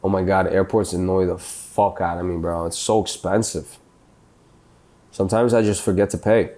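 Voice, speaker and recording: A man with a fairly low voice chats on a podcast in a loose, comedic way. He tells stories in an animated, crude style and swears often. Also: moderate pace. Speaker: podcast co-host. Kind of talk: casual comedic chat.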